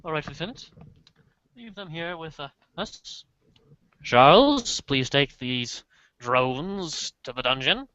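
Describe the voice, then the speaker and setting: A man's voice: on the high side, animated, slow, pushed and bright, no room sound, lo-fi sound, full character voice. A man voicing a stern, formal pony princess giving orders in a tabletop role-play. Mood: commanding. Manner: formal, commanding.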